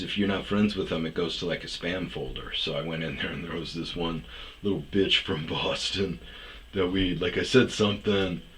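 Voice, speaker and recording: A man's voice: deep voice, a little hiss or hum. A man telling a rambling personal story in a casual, profane monologue, raising his voice when he mimics other people. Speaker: storyteller host.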